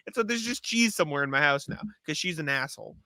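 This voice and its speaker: A young man co-hosting a casual sports podcast, telling stories in an animated way, swearing freely and laughing often. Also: fairly high pitch, fast talker, no room sound. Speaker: podcast co-host.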